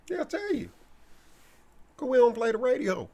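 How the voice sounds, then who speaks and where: A man's voice: very high-pitched, big pitch swings, moderate pace, long pauses, warm tone. A man delivering a blunt, repetitive, slangy preachy monologue as a commentator.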